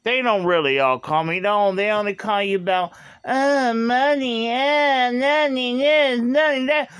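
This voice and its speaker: A man's voice: extremely high pitch, measured pace, fairly bright tone, smooth, no room sound, clean studio sound. A man in an aggrieved, repetitive rant, recorded on a phone. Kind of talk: angry rant to camera.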